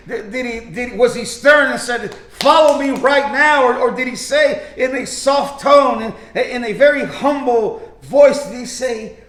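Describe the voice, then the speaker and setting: A man's voice: very high voice, a bit bright. A male pastor preaching a sermon with fervor, often restarting his sentences and acting out quoted lines. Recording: echoey room.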